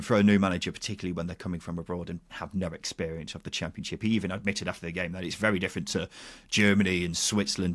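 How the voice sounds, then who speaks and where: Lively, exasperated man co-hosting. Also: sits low. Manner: incredulous, exasperated arguing. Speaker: podcast co-host. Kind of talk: casual football chat.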